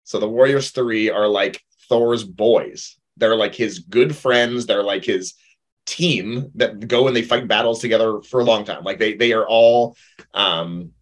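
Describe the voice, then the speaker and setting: A man co-hosting a casual movie podcast, talking in a lively, jokey way. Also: on the low side, unhurried. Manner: animated, jokey, fond of doing accents. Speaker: podcast co-host.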